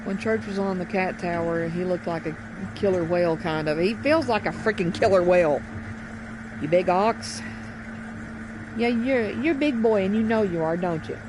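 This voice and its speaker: A woman's voice: fairly low pitch, normal speed, noisy background. A woman playing a video game and commenting casually, swearing often and scolding her cat between remarks. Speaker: gameplay streamer.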